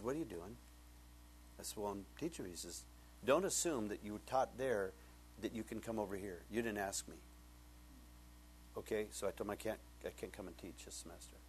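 A man preaching as a pastor, telling a personal story with lively acted-out dialogue that swings up high when he gets excited. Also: a little hiss or hum. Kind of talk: sermon with storytelling.

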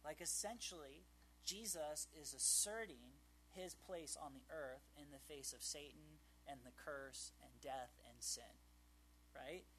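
A man's voice: on the high side, measured pace, bright, forceful tone, slight background noise. A man giving a casual, conversational Bible teaching, full of fillers and joking asides.

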